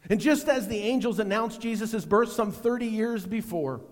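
A middle-aged man preaching a sermon, swinging between loud emphasis and hushed, almost whispered lines. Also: high voice, normal speed, big-room sound. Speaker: pastor.

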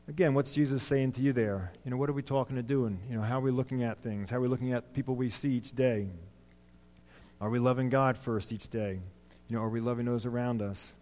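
A man's voice: medium pitch, mellow. Man preaching casually in a reverberant hall. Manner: plain, conversational, many "you know" fillers and restarts. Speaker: lay preacher. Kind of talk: informal sermon.

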